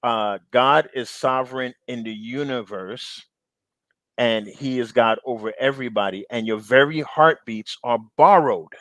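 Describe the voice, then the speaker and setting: A middle-aged man, talking in an earnest casual chat as co-host, with stammering restarts and drawn-out emphasis. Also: mid-range voice, fairly bright tone, dry recording. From Jamaica.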